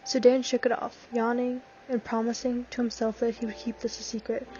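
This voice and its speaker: A woman narrating a fanfiction story in a gentle, even reading. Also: a little high, brisk. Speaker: fanfiction reader. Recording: slightly dull lo-fi recording.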